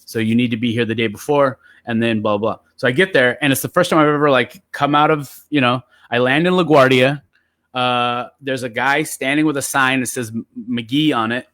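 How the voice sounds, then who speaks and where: A man telling stories in relaxed, casual chat as a guest poet, with lots of fillers. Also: mid-range voice, moderate pace, no echo, clean studio sound. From San Jose area. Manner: relaxed, chatty storyteller with many fillers.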